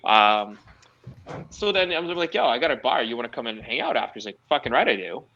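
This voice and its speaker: A man's voice: medium pitch, expressive, fairly quick, sharp tone. A man, a guest DJ, telling loose, profane stories with laughs in a casual podcast interview. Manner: laid-back, profane, laughing storyteller. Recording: slightly dull lo-fi sound.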